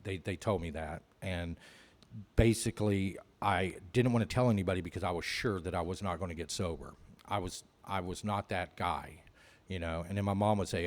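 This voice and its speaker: A man's voice: low-pitched, fairly even intonation, fairly quick. A man telling his recovery story at a meeting, candid and rambling, with many "you know" fillers. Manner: candid, self-mocking. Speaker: AA speaker.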